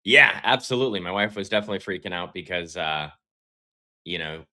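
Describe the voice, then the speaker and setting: A man's voice: low-pitched, animated, a little fast, sharp tone. An American man co-hosting a casual talk show, speaking hesitantly with restarts. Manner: hesitant, laughs along. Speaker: co-host.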